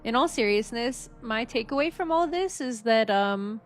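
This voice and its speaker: A woman's voice: fairly high pitch, lively intonation, normal speed. A young woman streaming a game, chatting casually and emotionally, laughing and swearing now and then. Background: faint game music.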